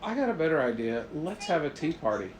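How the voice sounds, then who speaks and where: A man's voice: fairly high pitch, big pitch swings, fast talker, echoey room, a little hiss or hum. A man doing a brave little girl. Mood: friendly. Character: brave young girl adventurer, curious and kind.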